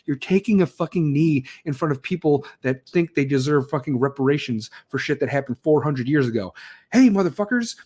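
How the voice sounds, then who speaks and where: A man's voice: fairly high pitch, a little mellow. A man ranting angrily, swearing nonstop and mocking people in put-on voices as a podcast host. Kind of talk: profane rant.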